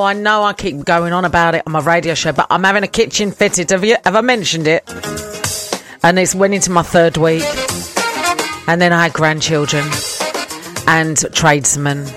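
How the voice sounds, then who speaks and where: An older woman hosting a local radio show, chatty, rambling and self-mocking, laughing often. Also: deep voice. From southern England. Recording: radio broadcast with music behind.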